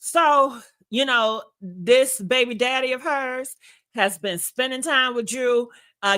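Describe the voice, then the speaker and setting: Sassy high bright-voiced woman gossiping. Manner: sassy, messy, laughs at herself, talks to viewers. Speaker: host. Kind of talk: casual celebrity gossip livestream.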